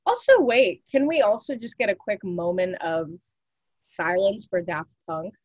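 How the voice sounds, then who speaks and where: Casual female podcast co-host, medium pitch, playful and slangy, dry close recording. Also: lively intonation, husky, no echo. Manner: playful, quick to laugh, slangy. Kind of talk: casual chat.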